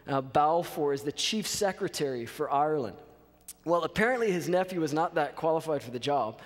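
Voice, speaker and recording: A man in his thirties telling a lively story as a college chapel speaker, often checking in with his audience. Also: fairly high pitch. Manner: animated storyteller, checks in with "okay?". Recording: reverberant chapel hall.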